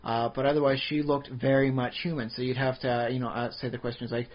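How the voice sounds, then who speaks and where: A man with a husky voice, chatting on a podcast and rambling with many restarts. His pitch sits in the middle. The audio is dull and lo-fi. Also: little pitch movement, fast talker. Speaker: podcast co-host. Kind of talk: casual chat.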